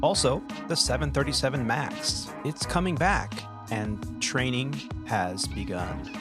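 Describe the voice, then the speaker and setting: A man in his forties hosting a podcast and telling lively, laugh-filled stories, then reading a scripted show intro. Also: mid-range voice, measured pace, over music. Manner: animated storyteller who laughs often. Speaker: podcast host and airline pilot. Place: home studio.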